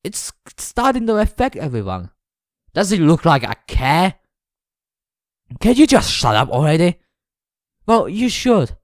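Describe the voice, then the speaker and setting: A man's voice: fairly high pitch, big pitch swings, measured pace, pauses often, dry recording, clean studio sound. A man voicing a bossy teenage girl, the club president, who nags her brother in a pleading tone. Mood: concerned. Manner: pleading, nagging.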